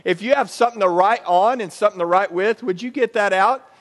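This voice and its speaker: A pastor preaching a sermon in a church, conversational and joking between points. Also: male voice, high voice, brisk, long reverb tail. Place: church sanctuary.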